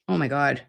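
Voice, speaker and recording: A woman hosting a casual live stream, reading viewer comments aloud in an animated, expressive way and swearing freely. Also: rumbling low, vocal fry.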